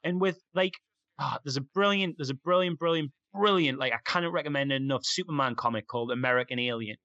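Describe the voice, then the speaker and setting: A man's voice: mid-range voice, quick pace, bright, forceful tone, no room sound, dull audio. A young man chatting casually and enthusiastically, rambling with lots of fillers. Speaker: podcast guest. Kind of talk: casual chat.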